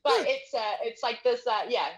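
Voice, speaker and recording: A woman's voice: on the high side, animated, normal speed, rough recording. A woman guest chatting casually in an interview on a video call through headphones, with an accent, giggling often and trailing off into fillers. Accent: non-native English accent.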